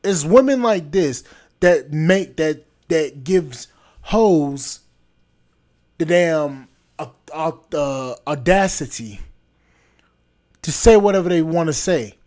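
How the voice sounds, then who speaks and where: A man with a somewhat high voice rants on his podcast. He is blunt and scolding, and he hammers the same points over and over. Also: animated, slow, pauses often, darkish tone. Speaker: podcast host. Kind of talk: opinion rant.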